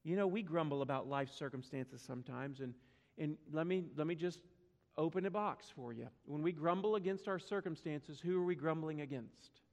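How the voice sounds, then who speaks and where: A high-pitched male pastor preaches a sermon, hammering words through repetition and calling out questions to the congregation. His voice rings with the long reverb of a large church sanctuary. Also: moderate pace, darkish tone, dull audio. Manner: emphatic, repeats words for stress, asks the congregation questions.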